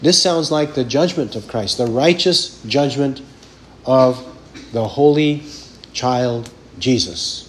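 A man preaching an expository sermon, emphatic and deliberate, firing rhetorical questions at his listeners. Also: mid-range voice, a little hiss or hum.

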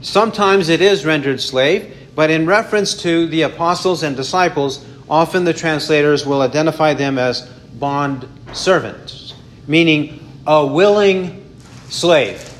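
A man leading a Bible study explains things in a measured way, often restarting and correcting himself. His voice is on the high side, and there's a faint hiss or hum.

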